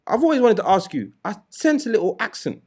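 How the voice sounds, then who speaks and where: A man hosting a DJ podcast, chatting casually and telling animated stories with laughter. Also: high-pitched, brisk, slightly rough. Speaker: podcast host.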